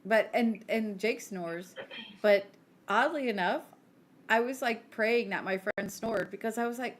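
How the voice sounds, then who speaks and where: A woman in her thirties, co-hosting a podcast, telling stories in animated casual chat and acting out the quotes. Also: mid-range voice, a little slow. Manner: animated storyteller who acts out quotes. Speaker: podcast co-host.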